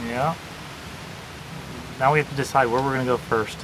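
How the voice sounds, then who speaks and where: A man co-hosting a vlog, chatting in a relaxed, enthusiastic way aboard a small sailboat. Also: mid-range voice, moderate pace, noisy background. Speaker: vlog co-host. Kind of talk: casual chat.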